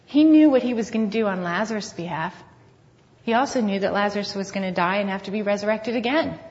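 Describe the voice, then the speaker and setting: A woman's voice: mid-range voice, darkish tone. Earnest woman speaking in a reverberant hall. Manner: earnest, measured, reflective. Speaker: conference speaker. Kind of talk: Christian talk with scripture reading. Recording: long hall reverb, dull lo-fi sound.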